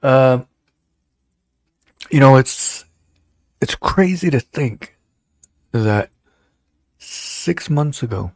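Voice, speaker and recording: Male show host, gravelly, casual rambling banter, dry close recording. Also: medium pitch, animated, extremely slow, long pauses, no echo. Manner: rambling, joking, many fillers. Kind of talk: casual livestream chat.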